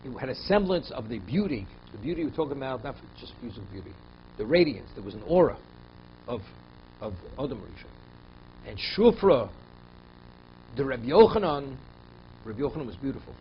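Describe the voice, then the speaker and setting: Emphatic rabbi teaching a Torah class. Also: male voice, medium pitch, very animated, fairly quick, pauses often, muffled recording, slight background noise. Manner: emphatic, rhetorical questions, repeats phrases while thinking.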